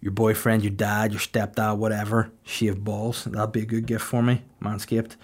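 A man in his thirties with a Northern Irish accent, hosting a podcast with crude, deadpan comic storytelling. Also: lowish voice, normal speed. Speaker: podcast host. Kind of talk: casual comedic podcast chat.

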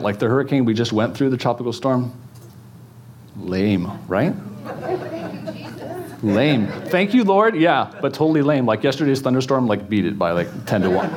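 A pastor preaches a casual teaching sermon to his church congregation, relaxed and chatty, joking with the audience. His voice sits at an ordinary middle pitch for a man, and he often stops for ums and restarts.

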